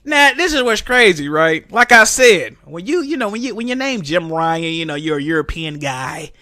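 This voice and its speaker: Loud, mocking streamer man, bright tone. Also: sits high, very animated, normal speed, few pauses, no echo, studio quality. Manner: loud, mocking trash talk with frequent laughter. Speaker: streamer host. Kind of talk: casual live-stream banter.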